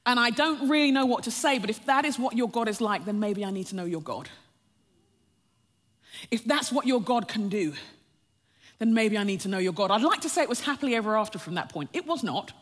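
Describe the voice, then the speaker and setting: A woman's voice: on the high side, animated, a little fast. Woman preaching in an echoey hall. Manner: storytelling, often breaks into a laugh, calls the listeners "friends". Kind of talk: personal testimony sermon. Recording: long reverb of a large hall.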